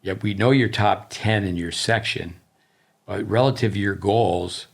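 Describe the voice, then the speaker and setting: A man in his thirties, a tennis coach and podcast host, talking casually and thoughtfully, pausing to rephrase his points. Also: fairly low pitch, gravelly.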